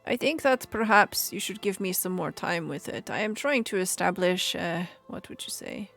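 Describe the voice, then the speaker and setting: A woman voicing a calm, patient male caretaker of a young creature, speaking formally and without contractions. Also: fairly low pitch, moderate pace, gravelly, soft background music, heavily acted. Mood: measured.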